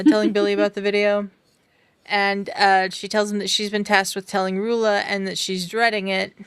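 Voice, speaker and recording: Woman on a video call recapping a show, gravelly yet smooth, lots of ums. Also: mid-range voice, fairly bright tone, no room sound. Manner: chatty, retells scenes with filler ums. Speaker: podcast co-host. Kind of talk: casual recap chat.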